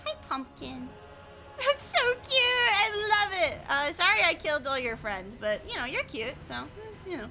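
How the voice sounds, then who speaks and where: A woman streamer chatting casually while she plays, excitable and quick to swear, often breaking into laughter. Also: extremely high pitch, over music. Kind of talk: casual live-stream chat.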